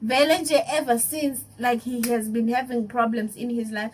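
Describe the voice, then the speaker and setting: High-voiced South African woman telling a story. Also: moderate pace, a little hiss or hum, poor audio. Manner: animated, laughing and emotional retelling. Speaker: YouTuber. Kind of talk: casual storytime vlog.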